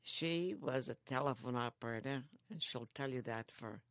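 An older woman who lives in a care home, chatting slowly and telling stories with frequent chuckles. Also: rumbling low, no echo, studio quality. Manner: slow, chuckling storyteller. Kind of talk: casual chat.

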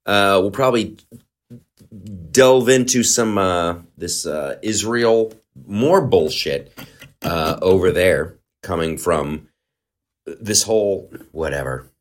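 A man's voice: deep voice, slow. A man hosting a comedy podcast in a rambling, joking monologue full of asides. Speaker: podcast host. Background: faint guitar.

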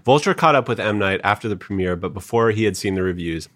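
A man hosting a casual podcast discussion, walking his co-hosts through the story with steady, informative narration and dry asides. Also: fairly low pitch, quick pace, hardly any pauses. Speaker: podcast host presenting the research.

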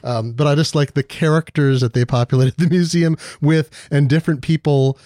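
A man's voice: fairly high pitch, moderate pace, dry recording, studio quality. A man on a podcast panel in casual chat, rambling through his picks with frequent laughs. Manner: rambling, laughing, animated asides.

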